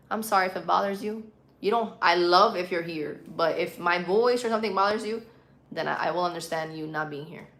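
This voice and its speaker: A woman's voice: on the low side, creaky, a bit bright, roomy sound. Young adult woman streamer, bilingual, casual chat read off comments, leans on words for emphasis. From Puerto Rican and Colombian, living in the US. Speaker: live streamer.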